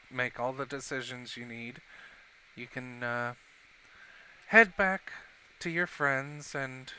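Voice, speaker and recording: A man voicing a dignified older male dog noble who speaks calmly and gently. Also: medium pitch, a little hiss or hum. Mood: kind. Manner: calm, gentle, soft-spoken.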